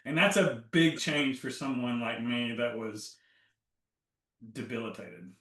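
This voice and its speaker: A man being interviewed about his healing, animated and acting out his own inner dialogue. His voice is bright and forceful. It comes from a little off the mic in an echoey room. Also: medium pitch, a little slow. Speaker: guest, health coach. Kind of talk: casual interview talk. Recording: roomy, from a distance.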